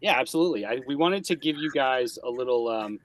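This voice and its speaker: A man co-hosting a podcast in relaxed casual chat, sick, hedging his words with easygoing fillers. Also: mid-range voice, fast talker. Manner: laid-back, hedging with fillers. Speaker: podcast co-host.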